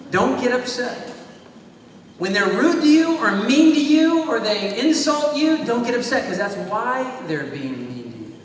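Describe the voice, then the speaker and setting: A man giving an animated motivational talk to students at a school assembly, leading the crowd in call-and-response chants, speaking into a small microphone on a stand. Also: sits high, slight background noise. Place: large school hall or gym. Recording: echoey hall, voice from far off.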